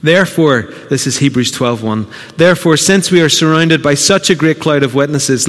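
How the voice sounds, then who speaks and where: A man's voice: on the high side, in a large hall. A man from Northern Ireland preaching a sermon as pastor, earnest and exhorting, putting direct questions to the congregation. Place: church hall.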